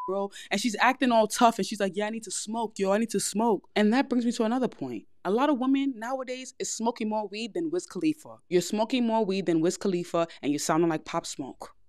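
A young woman with a New York accent talks straight to her listeners like a frank older sister, and her podcast advice comes across blunt and unvarnished. Her voice sits at a middle pitch. It is recorded close and dry, with no room echo. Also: darkish tone. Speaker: podcast host. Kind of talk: casual advice monologue.

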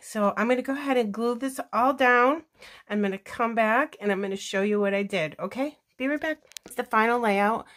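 A woman chatting casually through a scrapbooking tutorial, gushing and thinking aloud as she works. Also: mid-range voice. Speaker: scrapbooking crafter demonstrating a layout. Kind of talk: casual craft tutorial chat.

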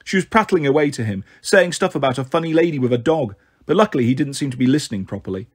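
A man narrating a children's novel in a steady first-person reading. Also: medium pitch, quick pace, slightly rough. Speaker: storyteller.

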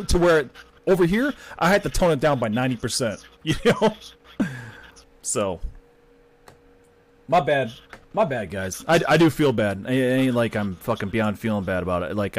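A tipsy man chatting on a gaming stream, rambling, swearing and laughing often, tripping over his words. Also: mid-range voice. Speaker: streamer playing with his team. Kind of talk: casual gaming chat with viewers.

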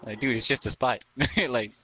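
A man's voice: medium pitch, steady tone, moderate pace, pushed and bright, a little hiss or hum, poor audio. A young man chatting casually with friends while gaming, telling stories in a laid-back way. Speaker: gamer.

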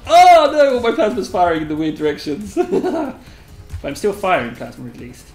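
A host giving live gameplay commentary, excitable and giggly, squealing a high catchphrase, then muttering quietly to themself. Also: moderate pace. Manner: mutters quietly to self between bursts. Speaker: gaming video host. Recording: roomy echo, faint game music behind.

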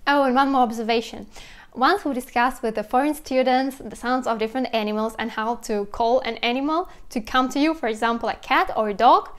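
A young woman with a Russian accent explains sounds in a casual vlog, lively and imitating animal noises as she goes. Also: on the high side, fairly quick. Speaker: language teacher vlogger.

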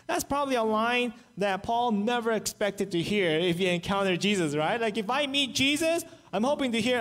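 High-voiced man preaching a sermon. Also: moderate pace, few pauses. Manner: animated storytelling, acts out quoted voices. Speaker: pastor. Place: church, online service.

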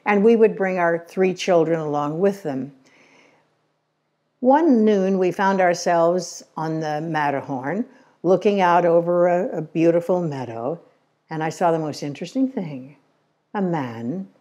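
Older woman, low mellow storytelling voice. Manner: conversational storytelling with gentle humor. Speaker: Christian Science lecturer. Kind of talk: inspirational talk. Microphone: remote recording.

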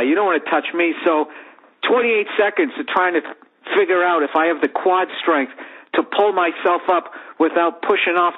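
A man in his forties hosting a podcast, telling a rambling, profane comic story in an animated way. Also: fairly high pitch. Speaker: podcast host. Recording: narrow phone-like sound.

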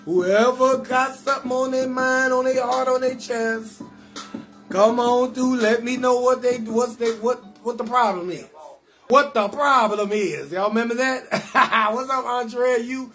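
High-voiced New man hyping viewers. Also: unhurried, faint music behind. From New Orleans. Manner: loud, playful, rambling, shouts out viewers with sing-song lilts. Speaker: comedian hosting a live call-in show. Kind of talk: casual live-stream banter. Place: in bed at home.

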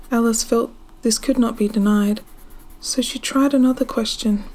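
A woman narrating a storybook in a soft, partly whispered reading voice. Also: on the high side, steady tone, normal speed, low-quality recording.

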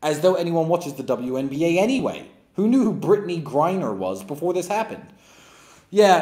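A man's voice: on the high side, big pitch swings, moderate pace, mellow. A man hosting a live stream, talking bluntly and emphatically in a mocking, opinionated monologue. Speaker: livestream host. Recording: roomy echo.

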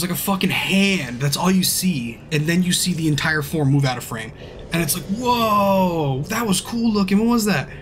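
A man with a slightly high voice rambles through a loose, profane movie recap on a live stream. He drops into hushed asides to act out scenes. Faint music plays behind him. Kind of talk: casual rambling movie recap while gaming.

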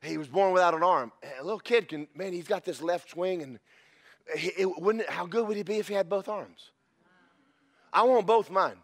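A man preaching a sermon as pastor, animated and breaking into shouted praise. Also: high-pitched, moderate pace.

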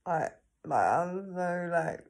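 A woman's voice: lowish voice, animated, slow, a little mellow. A woman talking casually to herself on camera, chatty and laughing often, tagging her sentences with questions. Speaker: vlogger. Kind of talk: casual self-talk to camera.

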